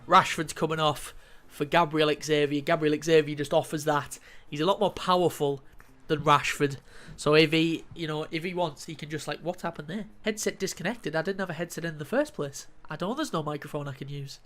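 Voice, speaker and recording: A man's voice: on the high side, a little fast. Swearing young man commentating gameplay. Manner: swears freely, swings from calm to fuming. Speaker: gaming YouTuber.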